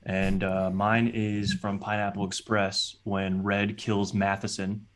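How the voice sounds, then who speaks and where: A man chatting casually on a podcast, animated and profane, with frequent uh and um. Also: lowish voice, slow pace. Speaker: podcast co-host. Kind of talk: casual chat.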